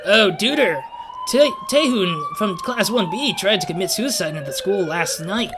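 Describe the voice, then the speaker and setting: A man's voice: high-pitched, a little slow. A man voicing an anxious teenage classmate, using a put-on accent. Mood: alarmed. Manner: put-on accent, excited delivery. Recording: siren noise behind voice.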